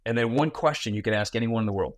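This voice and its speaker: A man in his forties, a podcast guest who tells stories in a lively way and acts out small talk in quick asides. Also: mid-range voice, no room sound. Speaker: guest, founder and keynote speaker. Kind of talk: conversational podcast interview.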